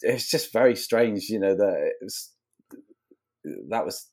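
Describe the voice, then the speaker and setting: A very deep-voiced English man chats on a podcast as a guest. He rambles through his anecdotes in a relaxed, chatty way. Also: unhurried. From England. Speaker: guest modeller. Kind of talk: casual podcast chat.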